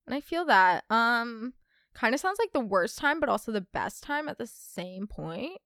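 A young woman hosts a casual storytime podcast, chatty and expressive as she reads listener stories aloud. Her slightly high voice swoops up and down a lot. The sound is dry and close. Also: normal speed, no echo. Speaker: podcast host.

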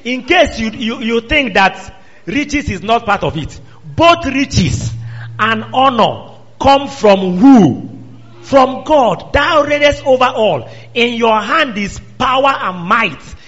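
A man preaching a sermon, quizzing his congregation with call-and-response questions and emphatic rising shouts. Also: extremely high pitch, animated, slow. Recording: dull sound in a reverberant hall.

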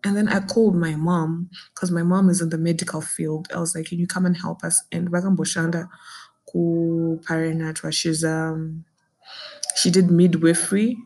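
Intense young Zimbabwean woman, lowish voice. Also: flat delivery, moderate pace, darkish tone. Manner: intense, indignant, mixes English with Shona. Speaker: podcaster recounting a personal ordeal. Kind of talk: emotional personal storytelling.

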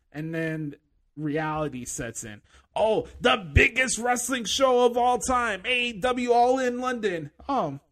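A man hosting a podcast and ranting casually about wrestling and football in a sarcastic, mocking way. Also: fairly high pitch. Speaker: podcast host. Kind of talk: casual opinion rant.

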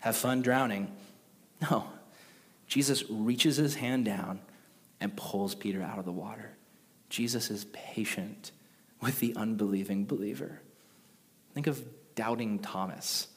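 A man's voice: on the low side, a little slow, pauses often. Conversational male preacher in a hall. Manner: conversational, animated, with acted quotes. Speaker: pastor. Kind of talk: sermon. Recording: long reverb of a large hall.

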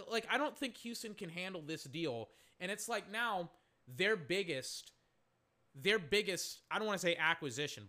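A man's voice: fairly high pitch, bright, forceful tone. A young man rambling through a casual, profane solo sports talk show as its host. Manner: rambling, profane, restarts a lot.

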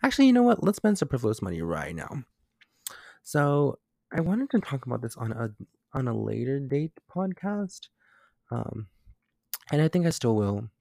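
A man's voice: medium pitch, sing-song, unhurried, vocal fry, pauses often, darkish tone, dry recording, clean studio sound. A young man hosting a casual solo podcast from his bedroom late at night, rambling and jumpy with lots of fillers, scared and tired. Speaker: podcast host. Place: bedroom at home.

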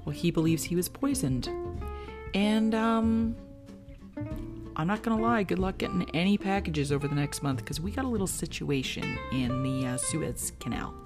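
A woman's voice: fairly low pitch, moderate pace, over music. A woman hosting a podcast, chatting casually and telling gossipy stories about the week's headlines. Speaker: podcast host. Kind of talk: casual chat.

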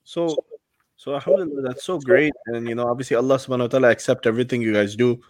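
A man's voice: mid-range voice, racing, darkish tone, no echo. Male podcast host, medium voice with a dry sound, casual and jokey. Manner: friendly, joking, mixes in Arabic phrases. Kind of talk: casual interview chat.

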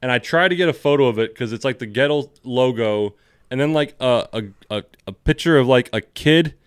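A man's voice: medium pitch, fairly quick, clear, resonant tone, no echo, studio quality. A man from Southern California co-hosting a podcast, telling a story casually and swearing a lot. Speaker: podcast co-host. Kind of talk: casual chat.

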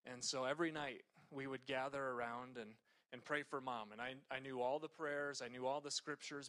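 A man's voice: medium pitch, steady tone, normal speed, bright, forceful tone. A man preaching a sermon in a conversational way, telling a personal story with frequent fillers and restarts.

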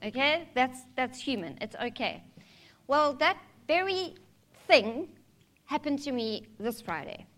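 A woman's voice: sits high, expressive, unhurried, a bit bright. A woman preaching a sermon in a candid, conversational way, mixing humor with scripture.

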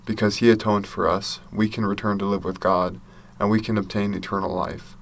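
A man giving a devotional talk and reading scripture aloud in a measured, earnest, reverent manner. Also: on the low side, level tone, creaky, a little hiss or hum. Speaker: church speaker.

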